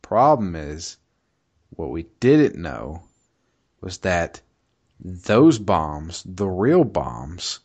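His voice sits low and is very animated yet extremely slow, with long pauses, a darkish tone and a breathy edge. As a podcast co-host, he casually recaps a video game's story, rambling, cursing freely and laughing a lot.

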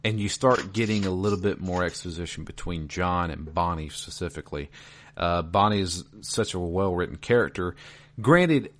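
Man from the American South, low voice, casual rambling, lots of uhs. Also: moderate pace, slight background noise. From Georgia, US South. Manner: relaxed, rambling with many fillers. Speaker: podcast co-host. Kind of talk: casual chat about a video game.

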